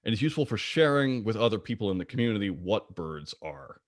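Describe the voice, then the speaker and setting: A man with a lowish voice gives an online slide lecture about birds. His delivery is playful and jokey, leaping up and down in pitch. The sound is dry and close, as if picked up by a video call microphone. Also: big pitch swings, fast talker, no room sound. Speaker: guest presenter of a bird talk.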